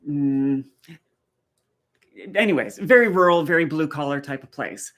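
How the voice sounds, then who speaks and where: A man's voice: fairly high pitch, unhurried, a bit bright. A man from rural eastern Canada hosting a live stream in casual chat, telling stories and answering viewer comments. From rural east coast of Canada.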